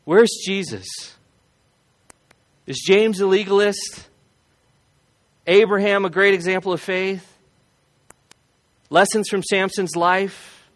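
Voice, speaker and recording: A man preaching a sermon as a pastor, earnest and emphatic, repeating key phrases and slowing down to stress them. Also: high voice.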